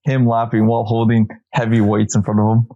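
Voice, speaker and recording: A man's voice: medium pitch, little pitch movement, fairly quick, dark tone, highs cut off. A man co-hosting a podcast in casual chat, explaining things in a rambling, hesitant way. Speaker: podcast co-host.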